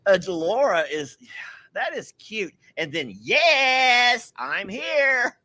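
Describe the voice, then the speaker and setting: A man's voice: very high voice, expressive, slow, pushed and bright, no room sound. A man hosting a casual livestream outdoors on a farm, chatty and teasing. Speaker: livestream host.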